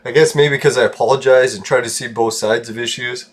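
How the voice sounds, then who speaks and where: A man's voice: mid-range voice, fairly even intonation, brisk. Mumbling young man chatting while streaming. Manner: rambling, chuckles often, self-mocking asides. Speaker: gaming streamer. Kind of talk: casual rambling chat while gaming. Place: home room with painted walls.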